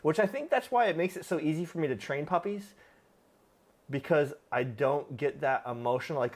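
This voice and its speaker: A man's voice: medium pitch, expressive, brisk. A man hosting a live stream, answering viewer questions about dogs in a plain-spoken, casual way with frequent fillers. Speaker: livestream host, dog trainer.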